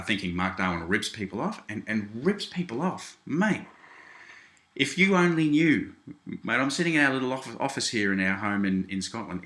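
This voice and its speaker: A man's voice: lowish voice, sharp tone, echoey room. An Australian man talking straight to camera from a small home office, indignantly answering a critic, calling him "mate" and often restarting his sentences. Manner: indignant, keeps saying "mate", many restarts. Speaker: video blogger responding to critics. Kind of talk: casual direct-address rant.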